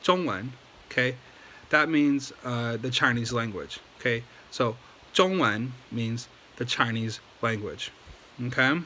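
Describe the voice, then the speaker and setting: A man's voice: medium pitch, lively intonation, slow, bright, forceful tone, slight background noise, rough recording. A man giving a casual language lesson at home at night, patiently explaining and checking in with okay after each point. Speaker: Chinese language teacher.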